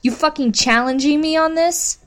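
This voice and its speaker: A woman's voice: fairly high pitch, lively intonation, a little slow, voice pushed up. Woman voicing a foul-mouthed, hostile dog handler. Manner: harsh, contemptuous, swearing.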